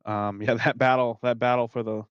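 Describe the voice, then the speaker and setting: A man's voice: medium pitch, a little fast, clear, resonant tone, no echo, muffled recording. A man who runs the racing league, chatting casually about his race and the schedule, swearing and laughing along the way. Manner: relaxed, swears, laughs often. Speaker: league organizer and commentator. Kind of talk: casual chat.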